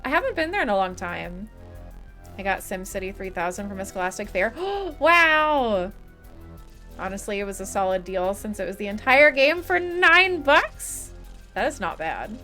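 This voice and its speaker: Over soft background music, a young streamer talks with her live chat in a mid-range, pushed, bright voice at normal speed with lively intonation. Her voice is going as she laughs and curses freely.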